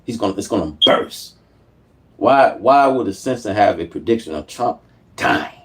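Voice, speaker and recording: A man's voice: on the low side, animated, normal speed. A man giving an angry, profanity-filled political rant as a YouTube commentator, repeating himself as he goes. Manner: profane, heated, repetitive.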